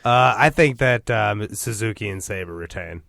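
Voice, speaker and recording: Gravelly-voiced podcast co-host man. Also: fairly low pitch, a little slow, fairly bright tone, no room sound, clean studio sound. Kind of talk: casual chat.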